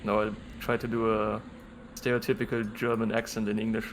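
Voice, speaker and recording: A man's voice: fairly low pitch, monotone, brisk, a little hiss or hum. A man chatting casually during a game stream, joking and teasing the others. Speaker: gaming companion. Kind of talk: casual chat while gaming.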